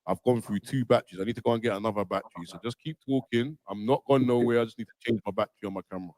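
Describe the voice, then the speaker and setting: A man's voice: fairly low pitch, racing, no room sound, rough recording. Dry-sounding man hosting a casual livestream. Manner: loose, repeats himself, loudness rises and falls. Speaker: livestream host.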